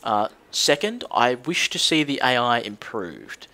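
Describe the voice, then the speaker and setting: A man's voice: mid-range voice, very animated, measured pace, pushed and bright. A man giving casual, rambling commentary with lots of ums and restarts. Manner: rambling, hesitant, lots of fillers. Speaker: gaming video creator.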